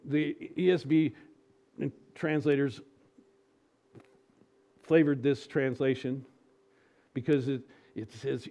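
Here a mid-range male voice preaches a lively sermon, full of rhetorical questions, alternating booming emphasis with quiet, slow appeals.

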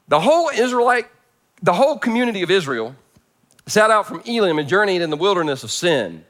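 A man delivers a sermon to his congregation in a church, keeping it conversational with jokes. His voice sits a little high for a man. He jumps between loud, pointed emphasis and quiet, hushed lines. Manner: conversational and joking, with sudden swings from loud to hushed. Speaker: pastor.

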